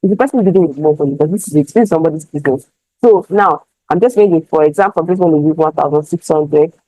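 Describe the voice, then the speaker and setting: A tutor talks through a screen-share lesson in a mellow, relaxed tone. The delivery is patient and explanatory, with frequent check-ins with the listener. The sound is dry and close. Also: mid-range voice, fast, no room sound, poor audio. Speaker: online marketing tutor.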